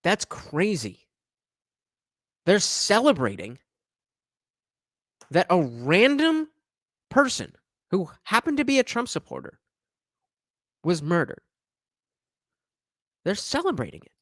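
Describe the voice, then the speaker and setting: A man's voice: sits high, a bit bright, no echo. Sarcastic man ranting, dry close sound. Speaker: commentary channel host. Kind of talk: reaction commentary.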